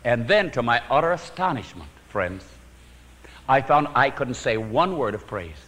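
A man preaching a sermon, telling his own story with sudden swings from emphatic to hushed and chuckling at his own jokes. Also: medium pitch, very animated, measured pace, big-room sound, poor audio.

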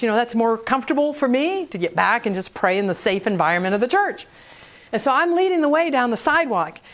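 A woman speaking on prayer ministry, telling a story in an animated way and acting out the voices of the people in it. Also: on the high side. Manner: animated, acts out quoted voices. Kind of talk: storytelling talk.

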